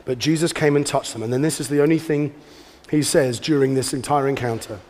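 A man's voice: medium pitch, steady tone, fairly quick, darkish tone. A man preaching a sermon in a church, earnest and conversational, often asking the congregation questions. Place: church hall, livestreamed. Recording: hall reverb from a live church.

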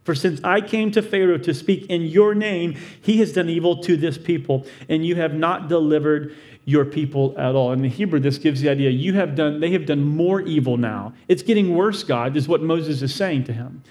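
A man's voice: on the high side, moderate pace, darkish tone. A male pastor preaching a sermon, telling the story with animation and acting out the quoted voices.

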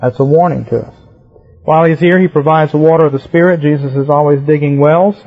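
A man's voice: fairly high pitch, steady tone, fast talker, highs cut off. A man preaching a sermon that teaches on scripture, emphatic and rhythmic, with repeated words for stress.

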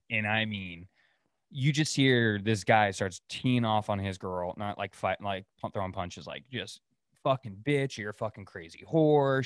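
A man's voice: lowish voice, no room sound, studio quality. Profane rambling podcast ranter, man. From Oregon. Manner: profane, rambling, laughs at his own stories. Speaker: podcast host. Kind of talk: casual solo rant.

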